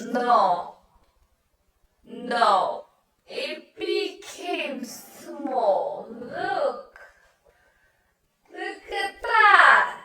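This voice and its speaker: A woman's voice: a little high, roomy sound, far from the mic, noisy background. A woman vlogger talking wryly out of one side of her mouth in casual commentary.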